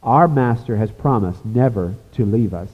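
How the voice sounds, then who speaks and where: A pastor preaching a sermon, earnest, rising to emphatic points and dropping to a hushed, confessional tone. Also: male voice, lowish voice, normal speed, breathy edge. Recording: echoey hall over a tinny phone-like line.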